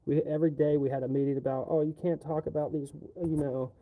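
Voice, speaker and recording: A man's voice: fairly high pitch, little pitch movement, fast talker, warm tone. A man on a livestream, ranting casually in a rambling, profane way.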